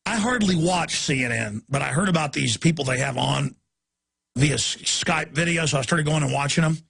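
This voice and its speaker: Gravelly, high-pitched ranting radio host. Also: male voice, a bit bright. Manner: heated, rapid-fire ranting. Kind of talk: talk radio monologue.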